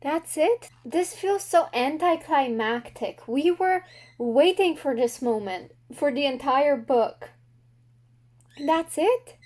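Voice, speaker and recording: A woman's voice: sits high, darkish tone. A young woman book vlogger reacting aloud while reading, emotional and exclaiming, talking to the characters.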